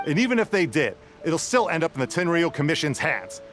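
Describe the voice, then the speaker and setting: A man's voice: fairly high pitch, big pitch swings, fairly quick, a bit bright, faint music behind. An actor voicing a blunt, distrustful male soldier in a video game who dismisses others' claims. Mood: scornful.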